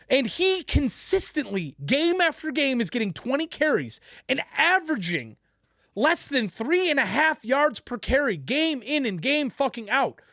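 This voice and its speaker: A man's voice: very high-pitched, fairly bright tone, dry recording, studio quality. A man co-hosting a sports podcast, ranting in heated, profane, emphatic bursts.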